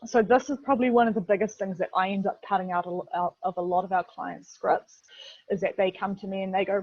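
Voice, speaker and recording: A woman's voice: mid-range voice, steady tone, fast talker, no echo. Nz woman teaching over a video call, lots of ums, dull dry lo-fi sound. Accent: New Zealand. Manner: chatty, filler-heavy, keeps saying "literally". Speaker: webinar presenter, video production head. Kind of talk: casual instructional webinar talk.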